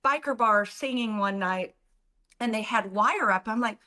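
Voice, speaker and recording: A woman telling stories as a guest in an interview, animated and acting out the people in them. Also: mid-range voice, moderate pace. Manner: animated, acts out other people's voices. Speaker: guest, business founder. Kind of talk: storytelling in an interview.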